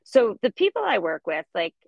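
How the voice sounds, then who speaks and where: A woman's voice: mid-range voice, wildly swooping pitch, normal speed, creaky, dry recording, muffled recording. A woman in her forties telling a story in casual chat, full of fillers. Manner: chatty storytelling, many fillers. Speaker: guest.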